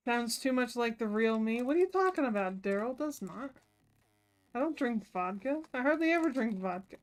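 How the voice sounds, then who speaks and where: Chatty woman streamer, slightly high voice. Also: expressive, fairly quick. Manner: chatty, swears freely, laughs easily. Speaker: craft livestream host. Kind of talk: casual chat while crafting.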